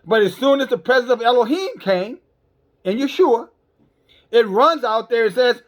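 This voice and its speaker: A male preacher with a notably high voice delivers a fiery sermon. He is blunt and scolding with his listeners and keeps stumbling over repeated words. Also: animated, moderate pace, fairly bright tone. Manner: scolding, calls listeners sisters and brothers.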